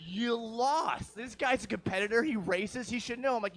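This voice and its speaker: A man's voice: extremely high pitch, moderate pace, few pauses, fairly bright tone. A man doing a crude, rambling stand-up set, swearing often and checking in with the crowd. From Vancouver area, Canada. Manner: crude, profane, rambling with frequent "right?". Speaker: stand-up comedian. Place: comedy show stage.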